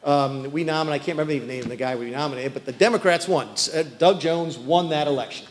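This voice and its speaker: A man's voice: on the high side, quick pace, rough recording. A man giving a folksy, self-deprecating rally speech full of anecdotes, recorded in a large venue. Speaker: political speaker.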